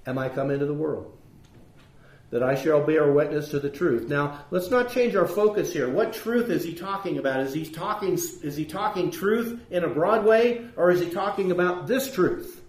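Male preacher, emphatic sermon delivery, a touch high, echoey space. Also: lively intonation, moderate pace. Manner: earnest, emphatic, rising on key points. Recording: roomy echo.

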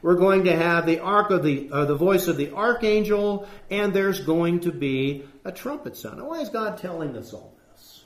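A man preaching an earnest sermon, slowing down to read scripture and asking rhetorical questions. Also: sits high, animated, roomy sound.

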